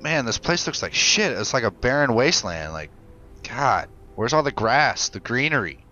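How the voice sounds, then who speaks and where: A young man hosting a gaming channel, giving casual commentary while he plays and cursing back at the characters in an excitable way. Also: medium pitch, normal speed, muffled recording, a little hiss or hum. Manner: excitable, profane, talks back to the game characters.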